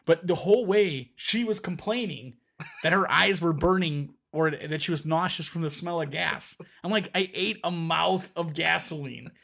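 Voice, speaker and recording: A rambling, animated male podcast host. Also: a little high, normal speed. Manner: rambling, animated storytelling with restarts. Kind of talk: casual chat. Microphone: podcast microphone.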